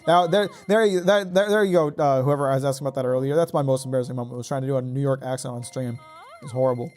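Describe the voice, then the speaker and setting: A man with a Midwestern American accent, from Oregon but raised in Michigan, streams a game and chats rambling and casually with viewers, swearing freely. His medium-pitched voice is very fast and a little mellow, with faint music in the background.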